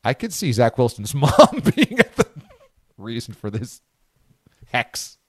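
A male sports radio host riffs with incredulous, jokey energy, his pitch swinging widely as he talks. The studio sound is dry and close, with no room echo. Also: wildly swooping pitch, a little slow, breathy edge. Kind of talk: sports talk radio banter.

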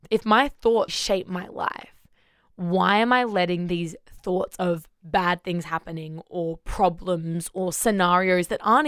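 A woman's voice: lowish voice, no room sound, studio quality. A woman co-hosting a faith podcast, telling a personal story in casual chat with frequent laughs. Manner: animated storytelling, laughs often. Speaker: podcast co-host.

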